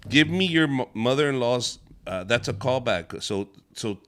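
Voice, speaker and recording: A man's voice: medium pitch, animated, normal speed, fairly bright tone, smooth. A man hosting a casual joke-writing session with fellow comedians, laid-back and laughing, pushing for punch-ups.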